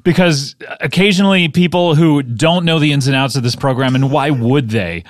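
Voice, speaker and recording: A man's voice: fairly high pitch, normal speed, no echo. A man hosting a comedy podcast in a studio, riffing playfully and repeating words for laughs. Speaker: podcast host. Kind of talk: casual comedy banter.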